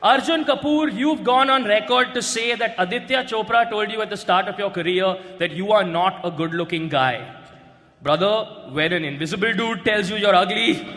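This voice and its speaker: A man doing a stand-up roast set, brash and often shouting his punchlines on a stage mic. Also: high voice, normal speed. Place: large hall with a live audience. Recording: echoey hall, loud crowd and noise.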